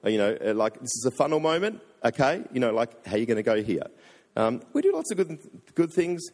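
A man's voice: medium pitch, sing-song, fast talker, a little mellow. A man, a pastor telling a personal story in a sermon, earnest and acting out the voices he quotes. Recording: long hall reverb.

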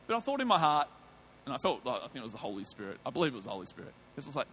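A man with an Australian accent preaching a sermon, telling a personal testimony in a lively way and acting out his own thoughts and lines. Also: mid-range voice, very fast, slight background noise.

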